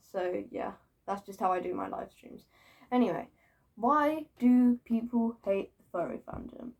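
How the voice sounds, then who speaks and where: A woman's voice: mid-range voice, gravelly, darkish tone. A woman vlogger ranting casually to camera, swearing freely, giggling and mocking herself, repeating words for emphasis.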